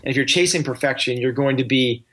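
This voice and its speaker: A man's voice: medium pitch, fast talker, a bit bright. A man talking earnestly as a coaching guest on a podcast, restarting his sentences often. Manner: earnest, with many restarts and fillers. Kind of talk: casual interview talk.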